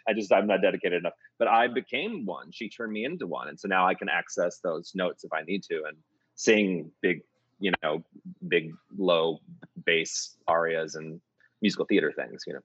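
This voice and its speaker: A man with a husky, somewhat low voice spins jokey anecdotes in a relaxed interview, restarting sentences as he goes. The recording is dull and lo-fi, with a dry, close sound. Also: moderate pace, dry recording. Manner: jokey, animated storyteller with many restarts. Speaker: music producer and voice coach. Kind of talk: casual interview storytelling.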